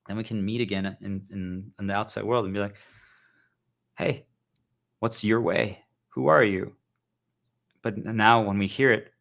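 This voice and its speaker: A man's voice: lowish voice, fairly bright tone. A man talking earnestly to his viewers in a rambling monologue, often calling them guys. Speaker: spiritual vlogger.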